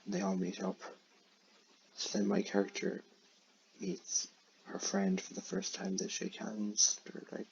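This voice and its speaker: A man with a deep, heavily gravelly voice rambles slowly through a retold story, stopping often on fillers and false starts. His pitch swings widely as he goes. The recording is dull and lo-fi. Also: big pitch swings, darkish tone, slight background noise. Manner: rambling, with many fillers and restarts. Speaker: creator retelling his own film idea. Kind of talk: casual spoken plot retelling.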